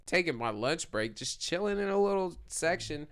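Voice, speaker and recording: A man co-hosting a podcast, telling an animated story with heavy swearing and frequent laughter in casual chat. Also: on the high side, normal speed, clean tone. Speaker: podcast co-host.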